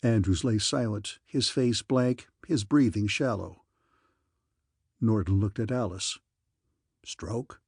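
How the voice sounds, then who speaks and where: A man reading a science fiction audiobook in an even, measured narration. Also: fairly low pitch, gravelly, slightly rough, no room sound, clean studio sound.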